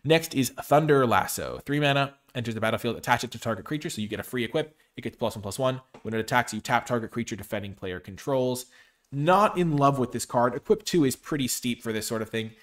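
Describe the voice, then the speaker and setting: A man's voice: medium pitch, quick pace, fairly bright tone. A man reviewing game cards on his own, thinking aloud with frequent fillers and self-corrections. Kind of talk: casual solo review talk.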